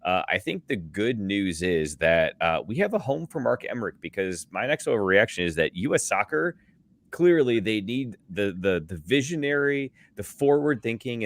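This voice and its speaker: A man co-hosting a podcast in casual chat, deadpan and sarcastic over a call mic. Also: on the low side, moderate pace, no room sound. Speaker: podcast co-host.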